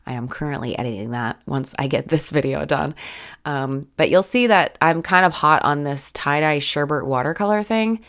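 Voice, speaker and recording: Low raspy-voiced woman with a head cold. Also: moderate pace, fairly bright tone. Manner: rambling, casual, many "like"s and restarts. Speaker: art channel host. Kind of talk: chatty voiceover over art footage.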